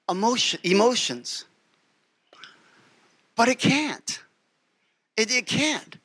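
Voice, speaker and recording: A man preaching a sermon as pastor, animated and emphatic, repeating phrases and putting questions to the congregation. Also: a little high, dry recording. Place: church.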